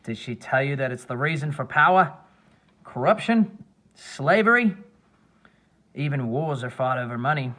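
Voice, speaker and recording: A man's voice: medium pitch, expressive, moderate pace, pauses often, pushed and bright. Brief: a man playing a joking Australian adventurer, playful, dips into mock menace. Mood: sinister.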